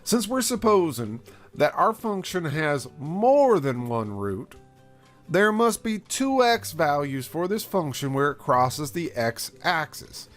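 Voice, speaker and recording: A man's voice: a little high, very animated, slow, soft background music. A man playing a folksy trial lawyer, addressing a jury in a theatrical courtroom way with a put-on accent.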